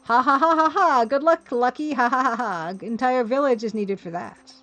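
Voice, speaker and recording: A woman's voice: a little high, normal speed, fairly bright tone, soft background music, lightly acted. A woman voicing a greedy, cackling male caravan leader who boasts in broken English, as she reads a computer game aloud. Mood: taunting.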